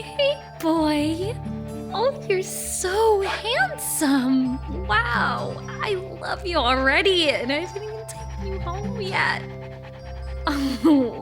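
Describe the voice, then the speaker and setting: A woman's voice: mid-range voice, natural voice. An actress playing a young woman desperate to adopt a dog, earnest and pleading in an audio drama. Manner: earnest and pleading, then gushing baby talk. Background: music.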